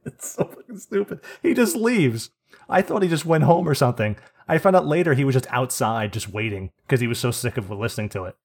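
A man co-hosting a podcast, telling a story in an animated, profane rant and laughing as he goes. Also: fairly low pitch. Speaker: podcast co-host.

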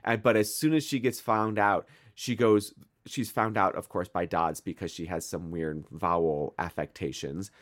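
An American man co-hosting a podcast, chatting casually and retelling an episode with quick asides. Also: low voice, steady tone, a bit bright. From United States. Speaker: podcast co-host. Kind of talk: casual chat reviewing a TV episode.

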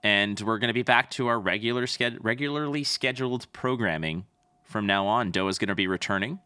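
A man with a bright, ringing voice chats casually as a podcast co-host, joking and rambling as he wraps things up. The sound is close and dry, with no room around it. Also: fairly low pitch, brisk, no room sound. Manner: chatty and joking, winding down the episode.

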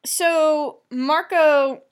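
A woman co-hosting a casual podcast chat, recapping a TV episode in an animated, chatty way with casual swearing. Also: high-pitched, extremely slow. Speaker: podcast co-host.

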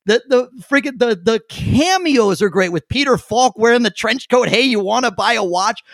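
Ranting, profane higher-voiced man. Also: no echo. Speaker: panelist. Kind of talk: casual podcast chat.

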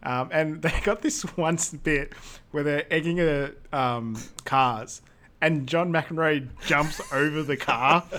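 A man's voice: fairly high pitch, takes it slowly, a bit bright. A man co-hosting a podcast, chatting loosely about a film, laughing a lot and swearing casually. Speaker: podcast co-host. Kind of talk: casual chat recapping a film.

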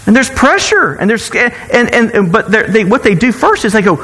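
Man preaching, lively swooping pitch, fairly high voice, sarcastic asides, long hall reverb. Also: moderate pace, few pauses. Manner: animated, jumps high to act out quoted cries. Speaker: pastor. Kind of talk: sermon.

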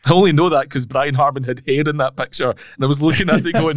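A man's voice: a little high, quick pace, no echo, studio quality. A man co-hosting a podcast in casual chat, chatty and wry, laughing often. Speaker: podcast co-host.

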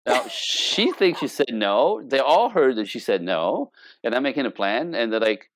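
A man's voice: mid-range voice, very animated, normal speed, no echo, clean studio sound. A middle-aged man coaching on relationships in casual talk, acting out quoted dialogue with playful exaggeration and swearing freely.

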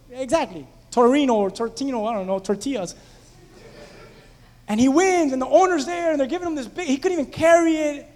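A man's voice: very high voice, big-room sound. A man preaching a conversational sermon, telling stories animatedly and putting questions to the congregation in a church sanctuary. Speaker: pastor.

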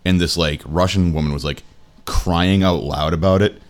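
Deep-voiced rambling podcast host. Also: male voice, fairly even intonation, normal speed. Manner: rambling storyteller, many fillers and restarts. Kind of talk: casual chat.

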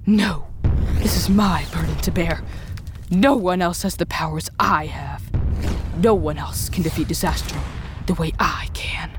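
A woman voicing a cocky young male superhero who insists on fighting alone and shouts his own sound effects. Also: lowish voice, measured pace, close to an everyday voice. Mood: stubborn. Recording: loud music behind.

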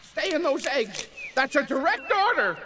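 Brief: high, gravelly, flustered cartoon albatross, slow and panicky, film clip over loud noise. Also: male voice, big pitch swings. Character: panicky blustering male albatross. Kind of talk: animated film dialogue.

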